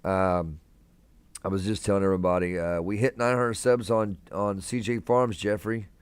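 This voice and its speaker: A man's voice: fairly low pitch, steady tone, moderate pace, clear, resonant tone, dry recording. A young man hosting a casual live stream from a hospital room, chatting laid-back with viewers and calling them man and brother.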